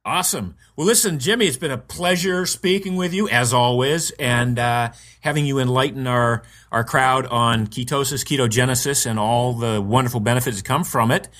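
A man's voice: medium pitch, moderate pace, few pauses, a bit bright. Enthusiastic stammering male interviewer. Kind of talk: casual interview.

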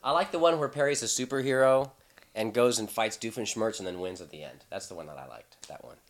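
A man's voice: fairly low pitch, expressive, a little fast. A middle-aged man, a voice actor, chatting in an interview in a playful, joking way. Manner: playful, joking, breaks into laughs. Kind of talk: casual interview chat.

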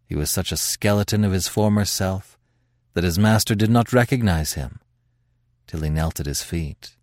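A man hosting a podcast, narrating a classic tale in a dramatic, expressive reading with swelling emphasis. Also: deep voice, normal speed, no echo, clean studio sound.

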